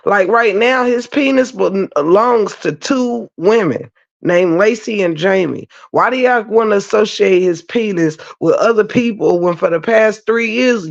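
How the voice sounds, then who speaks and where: In livestream commentary, a woman with a gravelly, mid-range voice rants and rambles, swearing, and stops to greet viewers in the chat. The stream audio is dull and lo-fi.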